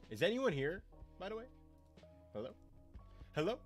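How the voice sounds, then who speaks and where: Young guy livestreaming, super animated voice swinging up and down, rambling casual chat, faint lofi music behind. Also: mid-range voice, moderate pace, long pauses. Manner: loose and animated, lots of fillers, jumps between loud calls and mumbled asides. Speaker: streamer hosting a watch party. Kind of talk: casual live-stream chat. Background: soft lo-fi music.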